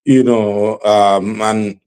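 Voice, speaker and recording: A man's voice: lowish voice, little pitch movement, very slow, darkish tone, clear, resonant tone. A man from Nigeria hosting a panel talk show, hedging with lots of "you know" as he steps into the debate.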